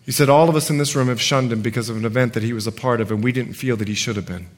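A male pastor preaching a sermon, telling stories with animated swings from shouting to quiet. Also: medium pitch, very fast.

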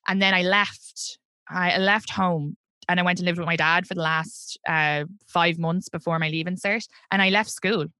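A woman's voice: fairly low pitch, normal speed, clean tone, no echo, studio quality. A woman in her thirties with an Irish accent, a comedian telling personal stories in an interview, blunt and profane. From Ireland. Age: 30s. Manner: blunt and profane, animated storytelling. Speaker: comedian guest. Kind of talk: candid interview conversation.

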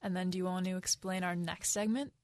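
A woman's voice: lowish voice, steady tone, brisk, darkish tone, no echo, studio quality. A young woman co-hosting a news podcast, talking casually with many fillers and easy laughs. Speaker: podcast co-host.

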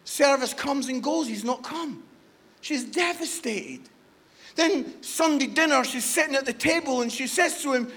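A man preaching a passionate sermon as a guest speaker, dropping to near-whispers and then rising to shouts. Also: very high voice, measured pace. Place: church service.

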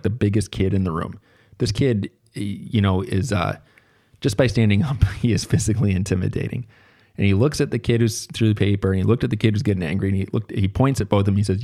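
A man's voice: fairly low pitch, darkish tone. A man hosting a podcast, telling a story in a casual, rambling way with many fillers and restarts. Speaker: podcast host; teacher or tutor.

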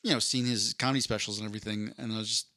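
A young man co-hosts a podcast, chatting casually and comedically in a rambling, joking way full of stumbles and restarts. His lowish voice is fairly even in intonation and sharp in tone, and he races along, recorded in clean studio sound without echo.

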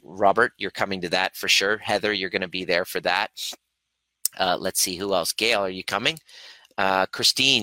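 A man's voice: lowish voice, sharp tone, no room sound, poor audio. A man hosting a live Q&A, earnestly coaching viewers and acting out his own inner voice. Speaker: host, breathwork and trigger coach. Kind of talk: live-streamed Q&A teaching.

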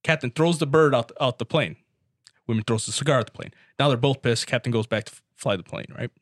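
A man's voice: mid-range voice, quick pace, no echo, studio quality. A young man in casual chat with friends, telling long rambling jokes and swearing freely. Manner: rambling joke-teller, swears a lot.

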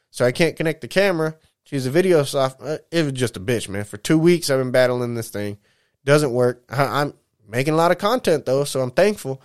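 A man in his mid-thirties talking in a casual, rambling vlog monologue, candid and emotional, drifting off topic, swearing freely and saying "man" at the end of many sentences. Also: medium pitch. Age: 30s. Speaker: vlogger.

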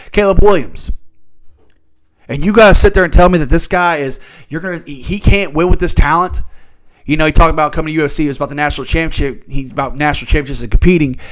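A man hosting a solo sports talk show, ranting in a fired-up, profane way. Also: on the high side. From Louisville area.

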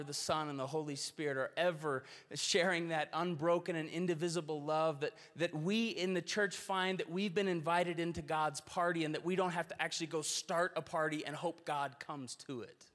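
A man preaches a sermon in an earnest, storytelling way, his voice a bit higher than most men's. His emphasis rises and drops as he makes his points. A long reverb from the church room follows his words. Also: fairly bright tone. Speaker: pastor.

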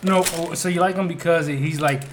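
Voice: medium pitch, steady tone, brisk, noisy background. A host in a joking casual chat who keeps teasing the guests and laughs easily.

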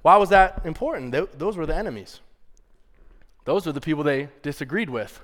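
Impassioned preaching man, slightly high voice. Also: lively intonation, fairly quick. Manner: impassioned, conversational preaching with casual asides. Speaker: pastor. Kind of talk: sermon. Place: church sanctuary. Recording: long reverb of a large hall.

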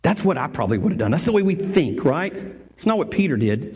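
A man preaching a sermon as pastor, in an animated, conversational and joking manner. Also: medium pitch, quick pace, slightly rough.

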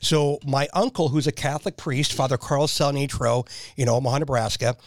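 A middle-aged man telling stories in a casual chat, animated and laughing often, with jumps in pitch when he quotes people. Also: fairly quick, dry recording. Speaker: podcast guest.

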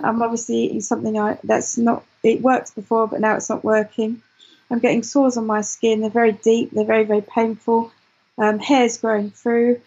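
A woman guest in an interview, telling her story in an animated way with many restarts. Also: fairly high pitch, normal speed, breathy edge, lo-fi sound. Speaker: guest, client. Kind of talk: interview chat.

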